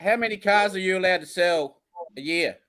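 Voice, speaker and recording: A man's voice: high-pitched, normal speed, pushed and bright. A man with an Australian accent in casual chat, asking the others plain, curious questions. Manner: inquisitive, asks questions.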